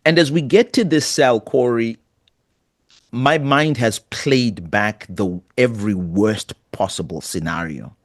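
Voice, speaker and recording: A man's voice: medium pitch, measured pace, dry recording, clean studio sound. A middle-aged man, a pastor, earnestly telling a personal story in an interview. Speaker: pastor and guest.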